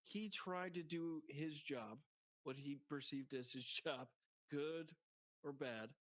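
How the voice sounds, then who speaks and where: A man rambles through a film scene in loose podcast talk, filling his sentences with "like." His voice sits fairly high, and the audio sounds a little dull and lo-fi. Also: slow pace, fairly bright tone. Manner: rambling, laughs often, heavy use of "like". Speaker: podcast guest. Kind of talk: casual movie discussion.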